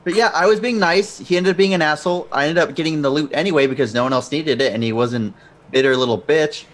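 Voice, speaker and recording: A young man co-hosting a casual gaming podcast, animated and profane, laughing often as he rants. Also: a little high, fast talker. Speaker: podcast co-host.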